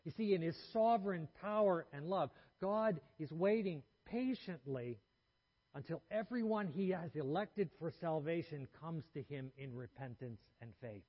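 A man preaches a sermon with a slightly husky, somewhat raised voice. He talks in a measured, earnest way, and his phrases fall away softly at the ends. The recording sounds a little dull and lo-fi. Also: a little high. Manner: measured, earnest preaching with trailing soft phrase endings and small restarts.

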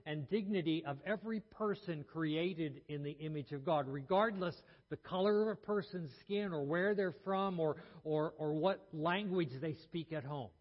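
Male pastor, earnest sermon delivery, slightly higher voice, dull recording. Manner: earnest storytelling with frequent restarts. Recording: muffled sound in a reverberant hall.

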